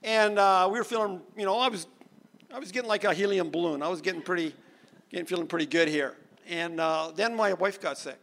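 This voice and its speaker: A man preaching, telling his own story in an animated way, going quiet for the serious parts. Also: high-pitched, fairly quick, creaky. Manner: animated storyteller, laughs, drops soft for serious moments. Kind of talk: sermon storytelling.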